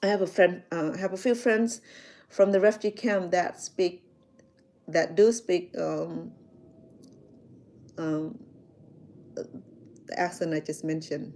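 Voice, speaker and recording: A woman's voice: fairly low pitch, fairly even intonation, slow pace, pauses often, darkish tone. A middle-aged woman with a Khmer accent, chatting casually as a chef and vlogger, rambling with lots of fillers and restarts. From Cambodia. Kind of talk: casual chat.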